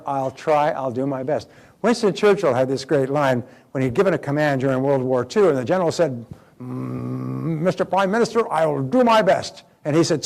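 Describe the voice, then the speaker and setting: A man giving a live motivational seminar talk, animated, acting out quoted dialogue. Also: on the high side. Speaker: motivational speaker.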